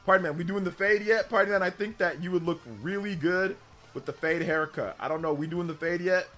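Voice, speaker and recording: A man's voice: sits high, steady tone, brisk, fairly bright tone, faint music behind. A man hosting a casual live stream, hyped up, reading out and thanking donors as he chats. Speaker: livestream host.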